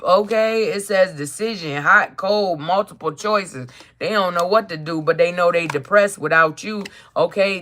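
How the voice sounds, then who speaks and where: Blunt, bright-voiced tarot streamer. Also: medium pitch. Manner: tags nearly every phrase with "okay?"; blunt, profane, streetwise. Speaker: tarot reader on a livestream. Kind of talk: casual live tarot reading.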